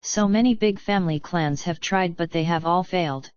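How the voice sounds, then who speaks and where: A woman reading the lines of a calm, scheming white-haired old man in an audiobook, in a gentle, measured way. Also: sits high, clear, resonant tone, no room sound, natural voice. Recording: dull, lo-fi, dry.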